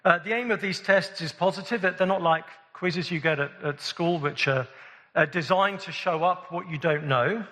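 A man's voice: high-pitched, moderate pace. A man preaching a sermon in a conversational way, often restarting phrases, in a church. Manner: conversational, warm-humored, with frequent restarts. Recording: long hall reverb.

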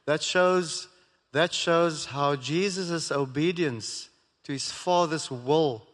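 A man speaking as a guest in a live stage conversation, earnest and halting, with many restarts. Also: on the high side, fairly bright tone. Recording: echoey hall.

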